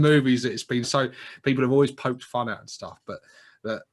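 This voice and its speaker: A man co-hosting a casual chat about films, animated, laughing often and swearing freely. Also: medium pitch, fairly quick. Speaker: podcast co-host.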